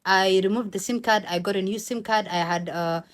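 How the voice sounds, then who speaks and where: A young woman from Somalia, telling a personal story in a casual, animated vlog and acting out the other people's voices. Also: mid-range voice, a little fast. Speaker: vlogger.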